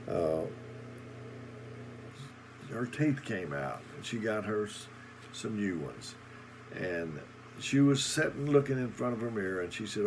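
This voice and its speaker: A middle-aged man preaching in a recorded sermon video, telling folksy stories with halting pauses and repeated words. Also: lowish voice, animated, slight background noise, rough recording.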